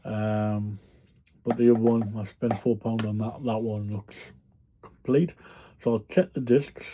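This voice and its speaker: A man's voice: lowish voice, fairly even intonation, unhurried, mellow, slight background noise. A man talking casually to his viewers about items he resells, rambling with frequent ums and the odd yawn. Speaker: reseller vlogger. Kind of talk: casual chat.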